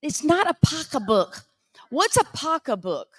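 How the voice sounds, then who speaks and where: A woman with a Southern American accent announcing prize winners at a live event, teasing and animated. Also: high-pitched, a little slow, no room sound, studio quality. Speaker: auction emcee.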